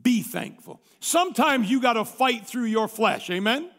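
A male pastor preaching a sermon in a conversational, folksy way, reading a story aloud and often clearing his throat. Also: very high-pitched, lively intonation, moderate pace, fairly bright tone, big-room sound.

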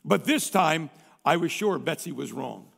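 High-voiced preacher with gravelly edge. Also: male voice, expressive, measured pace, a bit bright, big-room sound. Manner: conversational preaching, folksy asides, frequent throat clearing. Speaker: pastor. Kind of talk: sermon with read-aloud story.

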